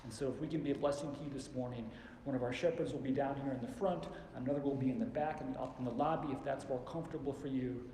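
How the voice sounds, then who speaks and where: Mellow preacher in an echoey church. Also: male voice, medium pitch, fairly even intonation, a little hiss or hum. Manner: slows down and drops soft for emphasis. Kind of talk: sermon. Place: church sanctuary.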